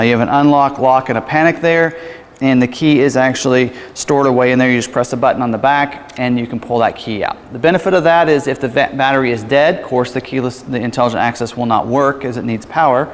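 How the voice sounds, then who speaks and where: A man at a dealership walks around a vehicle and talks it through in an easygoing, explanatory way, often pausing on fillers and correcting himself mid-sentence. His voice sits at an ordinary middle pitch. The sound has a long, echoey reverb and a faint background noise, picked up by a camera mic that follows him around the car. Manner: casual, explanatory, frequent fillers and self-corrections. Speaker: car salesperson. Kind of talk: vehicle walkaround demonstration.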